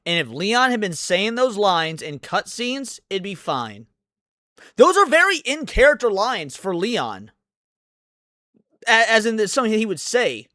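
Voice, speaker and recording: A man's voice: high voice, very animated, a little slow, bright, forceful tone, no echo. A male streamer ranting through a reaction video, swearing constantly. His voice rises and falls a lot, and the recording is dry and close. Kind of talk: profane reaction commentary.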